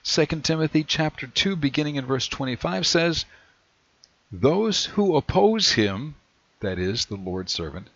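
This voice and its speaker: A man preaching a sermon in a measured way, slowing down whenever he reads scripture aloud. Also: on the high side. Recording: dry, dull lo-fi recording.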